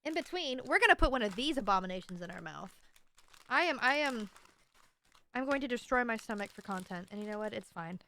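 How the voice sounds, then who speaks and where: A woman's voice: a little high, lively intonation, a little fast, bright, forceful tone. A woman livestreamer chatting casually to her stream, rambling and playful with a self-mocking edge.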